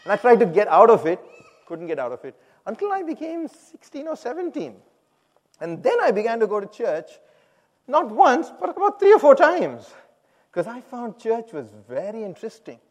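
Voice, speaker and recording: A man telling his personal testimony to a congregation, animated, acting out the people he quotes and laughing at himself. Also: extremely high pitch, moderate pace. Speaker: speaker giving a personal testimony. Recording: long hall reverb.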